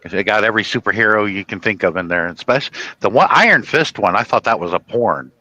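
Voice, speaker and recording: A man from the Chicago area hosting a casual chat, rambling through stories with halting restarts. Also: lowish voice, expressive, bright, forceful tone, no room sound, dull audio. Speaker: host.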